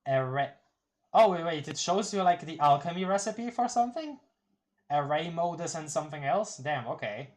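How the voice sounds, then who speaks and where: Giggly, rambling streamer voice, mid pitch, casual webcomic live read. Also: animated, normal speed. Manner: giggly, rambling, often restarts words. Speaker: streamer reading a webcomic aloud.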